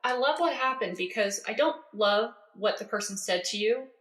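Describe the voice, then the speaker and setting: A woman's voice: medium pitch, lively intonation, normal speed, fairly bright tone, reverberant, low-quality recording. A woman hosting a podcast, responding to her guest in casual interview chat, affirming and thinking aloud. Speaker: podcast host.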